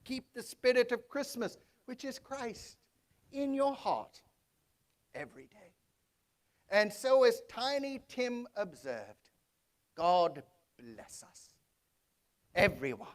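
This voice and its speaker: A man playing an elderly reformed miser in a stage monologue, chuckling and exuberant, dropping to low hushed tones when he tells his story. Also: takes it slowly, long pauses, exaggerated voice. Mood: earnest. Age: older. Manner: exuberant, chuckling, switches between high excitement and low hushed narration. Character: old reformed miser, giddy and warm-hearted male. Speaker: stage performer in a one-man show.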